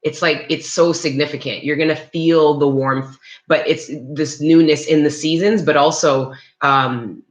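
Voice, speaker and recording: A woman's voice: deep voice, steady tone, a little slow. A woman giving a live-streamed tarot reading, rambling and chatty with many restarts, and talking straight to her viewers. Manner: talks to live chat viewers. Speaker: tarot reader. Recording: roomy echo.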